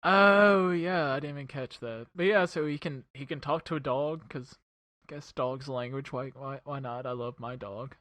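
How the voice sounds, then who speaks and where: A man's voice: medium pitch, normal speed, fairly bright tone, dry recording. A man co-hosting a film podcast in casual chat, sarcastic and swearing, mimicking movie lines as he goes. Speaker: podcast co-host.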